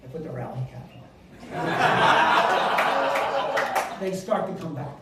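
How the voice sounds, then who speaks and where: A man's voice: on the high side, fairly quick, heavy background noise. An older man telling a self-deprecating comic story on a live stage, chatty and full of asides. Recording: echoey room, mic far off.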